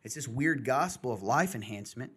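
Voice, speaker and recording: A man's voice: mid-range voice, animated, fairly quick, a bit bright, slightly rough. A middle-aged man hosting a podcast, talking candidly and passionately in casual chat, in bursts and restarts. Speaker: podcast host.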